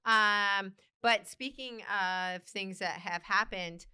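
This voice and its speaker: A woman's voice: mid-range voice, steady tone, takes it slowly, sharp tone, smooth. A woman co-hosting a casual talk show, blunt and matter-of-fact, now and then swearing. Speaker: co-host. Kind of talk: casual chat.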